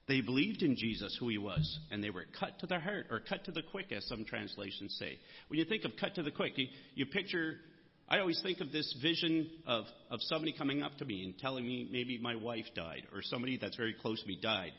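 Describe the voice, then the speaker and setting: A man preaches a sermon in a big, echoing church hall, and his voice comes across husky and a little muffled. His delivery is earnest, and he lifts his voice to stress the key words. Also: mid-range voice, expressive, a little fast. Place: church sanctuary. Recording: muffled sound with long hall reverb.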